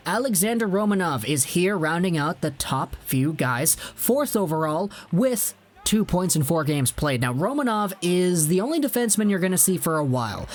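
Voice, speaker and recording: Chatty high-voiced man talking hockey. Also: moderate pace. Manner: chatty, rambling, lively. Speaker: hockey video host. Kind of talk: casual commentary to camera.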